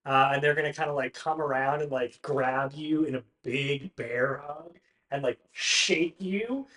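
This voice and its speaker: A game master narrating a tabletop game in a quiet, halting way with many fillers. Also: mid-range voice.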